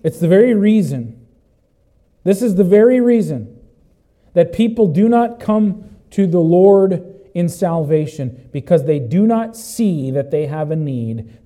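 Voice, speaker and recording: A man preaching a sermon, emphatic and repetitive, asking the congregation questions and swinging between loud cries and low, intense passages. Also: rough recording. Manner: repeats phrases, asks the congregation questions. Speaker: pastor.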